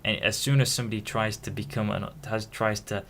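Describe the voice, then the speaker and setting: A man's voice: lowish voice, steady tone, a bit bright, slight background noise. A young man from Hull talking frankly to camera in a rambling monologue, often stopping and restarting his sentences. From Hull, England. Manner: frank, halting, many restarts. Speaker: vlogger.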